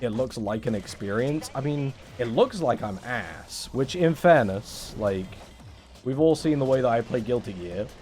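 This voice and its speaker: A man's voice: medium pitch, animated, unhurried, a little mellow, soft background music. A young English man on a casual livestream, rambling in a sarcastic, sweary way. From England. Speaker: streamer.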